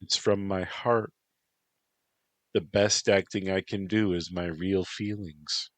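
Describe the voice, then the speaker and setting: A man's voice: low-pitched, fairly even intonation, slow pace, no room sound. A man voicing an emotional young woman who pleads, cries and lashes out. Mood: pleading. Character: volatile, heartbroken young woman actress.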